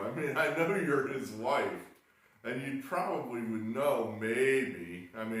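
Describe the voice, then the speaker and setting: Man, sports-video host, rambling and wry, exasperated asides, lowish voice, cigar in hand, mic set well back. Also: fairly bright tone. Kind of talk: rambling casual monologue. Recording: very echoey room, mic far off.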